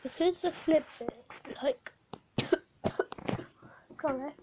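A woman's voice: sits high, takes it slowly, noisy background. A woman vlogging with her pet hamster while unwell and short of breath, often dropping to a whisper and cooing at her pet. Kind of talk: casual vlog, talking to her hamster.

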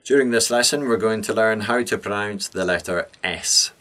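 In a scripted pronunciation lesson, a man with a lowish, bright voice and forceful tone carefully articulates every English sound, speaking with deliberate precision.

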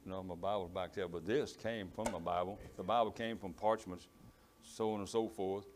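A man's voice: sits low, steady tone, moderate pace. A man with a Cajun accent preaching a sermon in church. He has a strong voice and rambles, apologizes and stumbles over his words. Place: church in East Texas.

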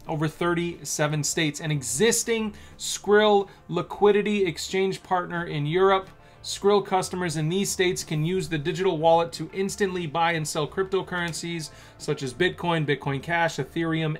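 High-voiced excitable man talking stocks. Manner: excitable and rambling, with many restarts and asides. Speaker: stock market video host. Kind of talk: casual commentary reading news aloud.

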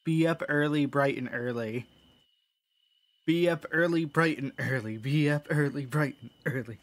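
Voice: mid-range voice, animated, takes it slowly, voice pushed up. A streamer voicing a weary folksy mother. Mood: weary cheerful. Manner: folksy drawl, singsong chanting. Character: tired hardworking southern-style mother. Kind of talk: game voice acting.

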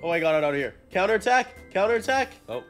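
A young man with a higher voice co-hosts a gameplay video, excitable and quick to shout when things go wrong. His pitch swings widely, and clear game music runs behind him. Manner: excitable, yells when in danger. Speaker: gaming video co-host.

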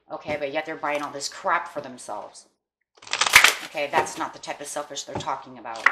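A woman's voice: sits low, heavy background noise. A woman giving a casual tarot reading to her viewers, chatty and encouraging, often checking in with "okay?" and "you know". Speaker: tarot reader.

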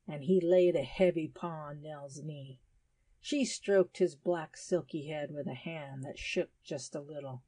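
A woman reading a story aloud at a steady pace, lifting her voice when the characters speak. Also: sits low, unhurried, husky, no echo. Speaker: story reader. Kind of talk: scripted narration of a graded English reader.

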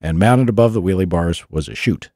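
Male podcast host, lowish voice, swears freely, dry studio sound, casual car-guy storyteller. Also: brisk, no echo. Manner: profane, animated storyteller. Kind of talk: casual chat. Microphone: studio mic.

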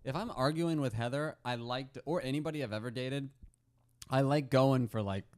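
A man's voice: mid-range voice, moderate pace, darkish tone. A young man co-hosting a comedy podcast, chatting casually into a handheld mic and joking as he acts out bits of dialogue. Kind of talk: casual chat.

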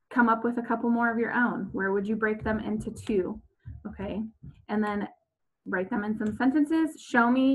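A fourth grade teacher gives a remote lesson in a somewhat high woman's voice. She is patient and goes over each instruction more than once. Her talk is dotted with ums. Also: rough recording.

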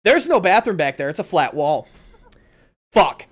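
A young man with a fairly high voice tells a story to friends on a podcast. He is animated and swears a lot, and he acts out what other people said as he goes. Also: moderate pace. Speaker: podcast host. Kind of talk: casual storytelling among friends.

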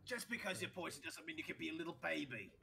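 A man's voice: a little high, expressive, fast talker, gravelly, bright, forceful tone, slightly rough. A man playing a video game with friends, trading brash trash talk and banter. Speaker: gamer. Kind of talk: casual gaming chat.

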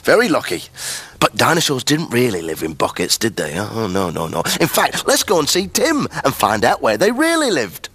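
A man's voice: medium pitch, huge pitch swings, normal speed, fairly bright tone, slightly rough, full character voice. A British man playing a cheery grown-up character on a children's TV show, chatty and chuckling as he tells a story.

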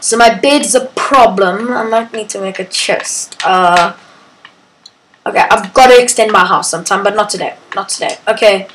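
Her voice is mid-range and fairly bright, at a normal speed, on a poor recording with slight background noise. She hosts a gaming channel, commenting on her play in a chatty, playful way and slipping into sing-song chants and baby talk aimed at her pets.

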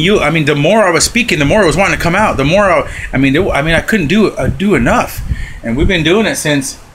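A man's voice: medium pitch, sharp tone, slight background noise, low-quality recording. A man, a Christian minister, sharing a casual testimony video in a fervent, rambling way with many restarts and fillers.

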